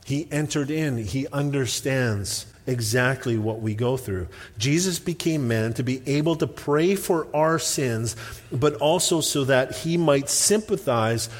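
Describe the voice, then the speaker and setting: A man's voice: mid-range voice, a little slow, big-room sound. A man preaching a sermon in a conversational, self-deprecating storytelling way, speaking in a church sanctuary. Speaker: pastor.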